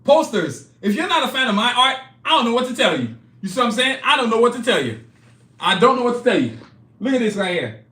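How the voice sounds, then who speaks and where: A man hosting a live stream, pitching his own comic art and merch in a hyped, casual way, repeating himself and talking straight to viewers. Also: big pitch swings, fast talker, bright, forceful tone, roomy sound. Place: indoor studio, clothing hanging behind him.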